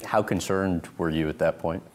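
A male interviewer with a very deep, low voice asks short, measured questions. He sounds calm and economical with his words.

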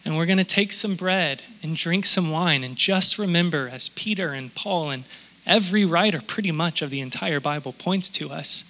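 A man's voice: fairly high pitch, moderate pace, sharp tone, poor audio. A man preaching in a conversational, earnest way as pastor, inviting people to be baptized. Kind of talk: sermon.

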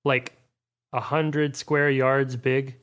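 A man's voice: mid-range voice, level tone, extremely slow, fairly bright tone. A man co-hosting a comedy podcast, cracking sarcastic jokes in casual chat. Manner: laughing, sarcastic quips. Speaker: podcast co-host.

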